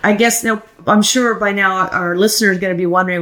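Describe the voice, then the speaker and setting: A woman's voice: mid-range voice, fairly even intonation, brisk, a bit bright. A woman hosting a podcast, asking questions in a casual, roundabout, enthusiastic way. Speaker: podcast host. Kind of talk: casual interview.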